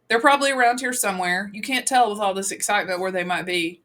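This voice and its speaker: Good-natured grown man, steady and reassuring, read by a woman in an audiobook. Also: medium pitch, quick pace, close to an everyday voice.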